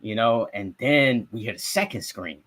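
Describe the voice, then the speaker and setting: A man's voice: on the low side, animated, normal speed, fairly bright tone. A young man from South Florida, a sports podcast co-host and reporter, telling a story in casual sports talk. He acts out his own reactions and swears freely.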